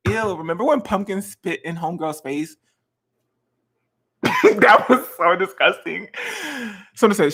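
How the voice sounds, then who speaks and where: Bright, sassy young man. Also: high voice, normal speed. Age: 20s. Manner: sassy, dramatic, playful teasing. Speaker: host. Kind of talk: casual live-stream cooking chat. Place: home kitchen.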